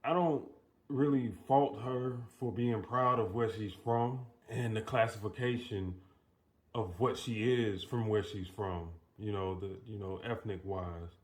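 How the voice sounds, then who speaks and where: A man's voice: fairly low pitch, unhurried. A man hosting casual commentary and telling a story in a loose, profane way, with many restarts. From United States. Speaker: commentary host.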